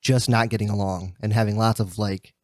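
A man's voice: fairly low pitch, fairly even intonation, brisk, no room sound, studio quality. A man co-hosting a movie podcast, easygoing and thinking aloud in casual chat. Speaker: podcast co-host.

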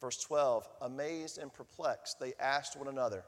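A man preaching a sermon, animated, swinging from hushed lines to booming ones. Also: normal speed, long reverb tail. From Southern United States. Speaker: pastor.

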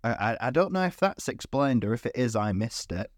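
A man's voice: medium pitch, animated, a little fast, no room sound, clean studio sound. A man co-hosting a casual podcast, recapping a film with lots of swearing and put-on character voices. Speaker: podcast co-host.

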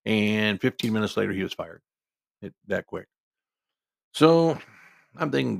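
A man's voice: on the low side, expressive, a little slow, vocal fry, pauses often, no echo, clean studio sound. A man in his sixties telling a true story from his working life in a casual, emphatic, conversational way that wanders into asides.

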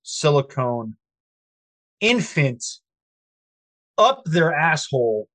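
A man's voice: fairly high pitch, big pitch swings, extremely slow, a bit bright, no room sound. A man co-hosting a casual podcast over a video call, crude and profane, mocking and ranting. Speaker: podcast co-host. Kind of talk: casual chat.

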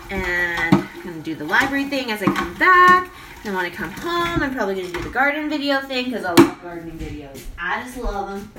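A woman's voice: medium pitch, recorded from a distance, heavy background noise. A woman in her thirties talking casually about her day as a mother, rambling with many fillers, at home in her kitchen. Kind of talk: casual vlog monologue. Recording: home recording a bit away from the mic, loud kitchen clatter. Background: dishes and cutlery clattering.

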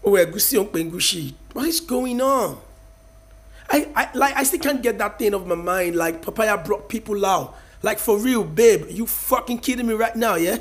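High-voiced Nigerian man ranting. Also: normal speed. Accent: Nigerian, Yoruba-speaking. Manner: emphatic, preachy, mixes in Yoruba. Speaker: vlogger. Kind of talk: casual opinion rant to camera.

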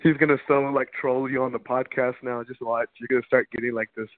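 Male podcast guest, easygoing joker, mid pitch, dry phone-line audio. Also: little pitch movement, quick pace, dry recording. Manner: laid-back, joking, agreeable. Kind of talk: casual podcast banter. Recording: dry tinny phone-like sound.

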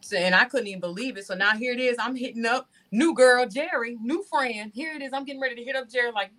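A woman telling her own story on a video call from home, animated and addressing her listeners as y'all. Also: on the high side, quick pace, rough recording. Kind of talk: casual testimony to an online audience.

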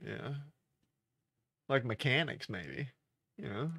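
A young man co-hosting a casual podcast, relaxed and joking, with lots of filler phrases. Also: medium pitch, slow, gravelly, no echo, clean studio sound. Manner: laid-back, joking, lots of "you know". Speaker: podcast co-host. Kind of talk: casual chat.

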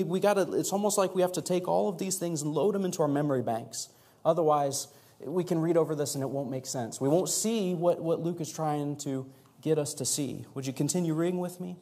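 A man preaching a sermon as pastor in a church, earnest, rising and growing louder for emphasis, asking the congregation to join in. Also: fairly high pitch. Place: church sanctuary.

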